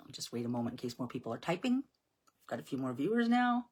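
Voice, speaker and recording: A woman's voice: rumbling low, big pitch swings, fast talker, a little mellow. A woman from Nova Scotia, leading a live devotional, reciting hymns solemnly and chatting casually with viewers. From Nova Scotia, Canada. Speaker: devotional leader. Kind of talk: live-streamed devotional prayer.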